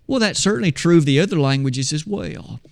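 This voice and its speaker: A man teaching a Bible lesson from slides, explaining things in a measured way and speaking to his listeners as "you and I". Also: on the high side, animated, vocal fry.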